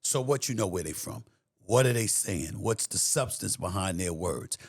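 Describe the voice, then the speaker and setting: A man's voice: sits low, animated, normal speed, breathy edge, no room sound, clean studio sound. A middle-aged man with a New York accent, a guest talking in an emphatic, streetwise way in a casual interview. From New York City.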